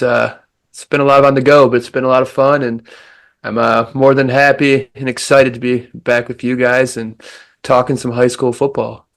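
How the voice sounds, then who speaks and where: A man co-hosting a casual podcast chat, talking in a steady, matter-of-fact way. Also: mid-range voice. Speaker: podcast co-host.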